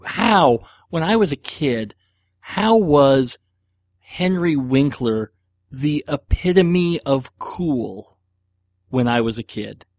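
A man's voice: fairly high pitch, expressive, slow, a little mellow, no echo. Chatty middle-aged man, dry close mic. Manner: rambling, chatty, self-deprecating, many fillers. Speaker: podcast host answering listener questions. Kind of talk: casual chat.

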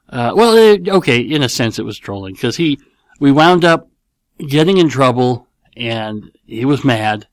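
Here a middle-aged man chats casually on his home podcast, kids close by, answering listener questions playfully, wandering off topic and fixing his words mid-sentence. The recording of his medium-pitched voice is clean studio sound with no room sound.

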